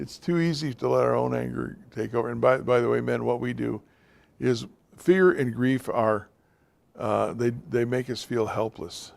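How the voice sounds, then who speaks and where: Gravelly-voiced man teaching a men's class. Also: mid-range voice, steady tone, normal speed. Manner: direct, conversational, addresses the men as guys and fellas. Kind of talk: informal teaching talk.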